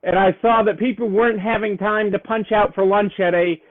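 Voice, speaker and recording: A man's voice: sits high, steady tone, moderate pace. A man hosting a casual live stream for store owners, upbeat and cheerleading, repeating his phrases and playing up a southern twang. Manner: playfully putting on a southern twang. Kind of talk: casual live stream chat greeting viewers. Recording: tinny phone-like sound.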